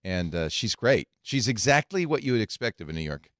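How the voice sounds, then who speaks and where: Lively older man hosting a tech show. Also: fairly low pitch, fairly quick, dry recording, clean studio sound. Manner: reads headlines aloud with asides and laughs. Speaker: podcast host. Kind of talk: casual tech chat.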